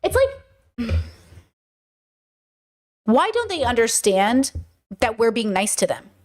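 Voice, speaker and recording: A woman streaming live, talking casually to her viewers in an animated, sarcastic way. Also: fairly high pitch, takes it slowly. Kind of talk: casual livestream chat.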